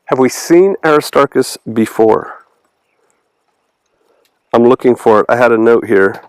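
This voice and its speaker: A man's voice: mid-range voice, measured pace, clean tone, no echo, poor audio. A man preaching a casual, conversational sermon, reading scripture and asking his congregation questions. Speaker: pastor.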